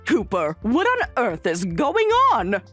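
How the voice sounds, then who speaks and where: A woman's voice: medium pitch, wildly swooping pitch, takes it slowly, fairly bright tone, husky, soft background music, full character voice. A woman voicing an entitled middle-aged mother who speaks in an indignant, insistent way, in a voiced story drama.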